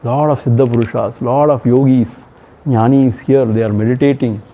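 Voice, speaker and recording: Emphatic Indian swami, lo-fi recording. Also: male voice, medium pitch, steady tone, moderate pace, warm tone. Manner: emphatic, repeats key phrases, chuckles between points. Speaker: swami giving a spiritual discourse. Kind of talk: devotional discourse with chanted verses. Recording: dull lo-fi recording.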